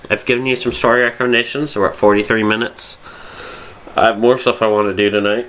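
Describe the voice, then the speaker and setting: A man's voice: fairly low pitch, a bit bright. Tipsy man rambling through reviews. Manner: rambling, swears freely, loses his train of thought. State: drunk. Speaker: fanfiction review host. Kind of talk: casual rambling review monologue.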